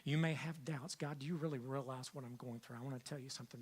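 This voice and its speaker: An older man preaching a sermon as pastor, swinging from loud emphatic lines to hushed whispers and repeating key phrases for emphasis. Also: mid-range voice, fairly even intonation, fast, slightly rough.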